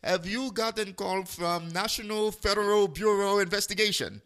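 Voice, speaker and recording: A man imitating a male phone scammer with a heavy accent, speaking stiff, broken English in a higher voice. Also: moderate pace, fairly bright tone. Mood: insistent.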